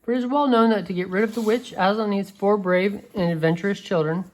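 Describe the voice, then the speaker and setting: A woman reading a storybook aloud, voicing an eager male talking beaver in a raised, lively voice. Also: medium pitch, a little fast, close to an everyday voice, low-quality recording. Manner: excited, eager.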